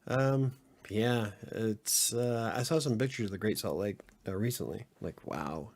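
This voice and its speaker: A man's voice: fairly low pitch, measured pace, a little mellow. A middle-aged man from Utah, hosting a casual late-night podcast chat, talking candidly and rambling with plenty of swearing and filler words. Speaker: podcast host.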